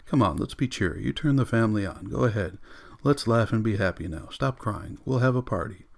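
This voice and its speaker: A man's voice: fairly low pitch, animated, a little fast, creaky, a little mellow. A man voicing Mildred, an anxious wife who coaxes and pleads with a crying friend. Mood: coaxing. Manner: coaxing, pleading.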